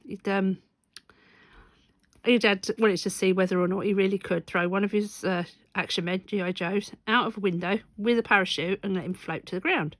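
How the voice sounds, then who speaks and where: A woman's voice: mid-range voice, fairly even intonation, moderate pace, no echo. A woman telling a rambling, amused anecdote in a casual vlog, often correcting herself as she goes. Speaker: stitching vlogger.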